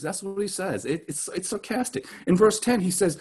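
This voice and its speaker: Husky-voiced male pastor preaching conversationally. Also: high voice, sing-song, normal speed, hardly any pauses, darkish tone. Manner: conversational, asks "right?" often. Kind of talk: sermon.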